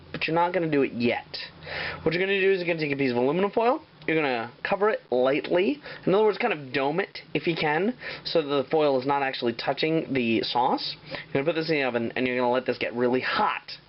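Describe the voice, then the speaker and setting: A man's voice: fairly high pitch, muffled recording, a little hiss or hum. A man hosting a casual home cooking show, swearing and joking as he talks. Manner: profane, joking, rambling. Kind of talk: casual cooking demo with crude jokes. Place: home kitchen.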